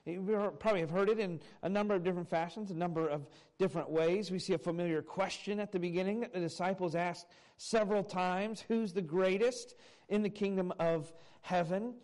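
A pastor with a high-sitting, darkish voice talks fairly quickly from a church pulpit. His sermon is conversational and folksy, full of stories and fillers for the congregation in the sanctuary.

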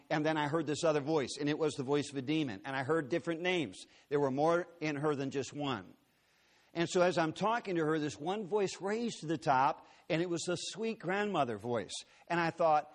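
A man preaches in a big auditorium, his voice pitched somewhat high. He tells his story earnestly and dramatically, acting out the quotes as he goes. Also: brisk. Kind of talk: sermon storytelling. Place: large auditorium.

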